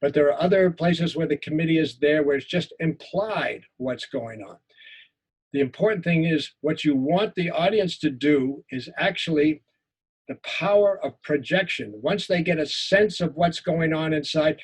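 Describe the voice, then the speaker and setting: Husky-voiced man teaching a writing class. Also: a little high. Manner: earnest, repeats phrases, halting restarts. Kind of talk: reading a personal story aloud in a lecture.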